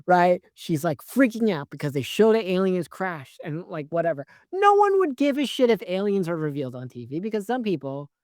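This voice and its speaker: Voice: mid-range voice, big pitch swings, brisk, hardly any pauses, a little mellow, dry recording, studio quality. A film reviewer in a vlog, ranting sarcastically with lots of swearing and rambling filler words. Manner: profane, sarcastic, exasperated rant; rambling, heavy use of "like" and "right?". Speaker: movie reviewer.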